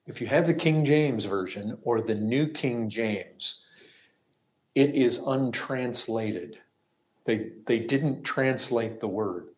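Slow, emphatic male preacher. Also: mid-range voice. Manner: emphatic, swings between loud cries and hushed asides. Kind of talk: sermon.

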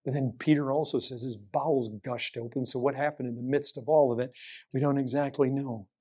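A man preaching a sermon, full of rhetorical questions and swinging between raised, urgent lines and low, hushed ones. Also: fairly even intonation, a little fast, slightly rough.

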